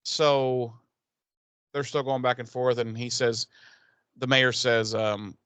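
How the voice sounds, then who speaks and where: A man's voice: medium pitch, fairly even intonation, slow, long pauses, a bit bright, smooth, no echo. Profane rambling male podcast host. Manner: rambling, profane, laughing storyteller. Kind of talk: casual recap chat.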